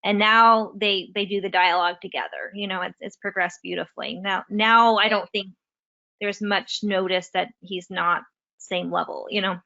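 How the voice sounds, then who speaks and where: A woman speaking as a parent guest in a relaxed interview, talking chattily with frequent restarts and "you know" over a video call. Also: mid-range voice, moderate pace, creaky. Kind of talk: casual interview conversation. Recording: slightly muffled lo-fi audio.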